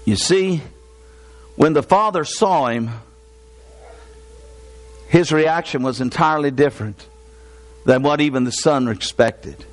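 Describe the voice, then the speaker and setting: A man's voice: fairly high pitch, a little slow, pauses often. A man preaching a sermon with passion, building through repeated phrases. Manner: impassioned, repetitive preaching cadence.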